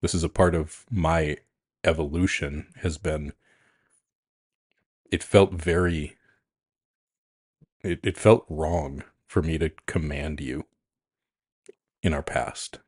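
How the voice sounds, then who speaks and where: Man, very deep voice, husky, calm and frank, podcast chat, dry close sound. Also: takes it slowly, pauses often, no room sound. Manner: calm, frank and reflective, restarts often. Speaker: podcast co-host, coach. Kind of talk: casual chat.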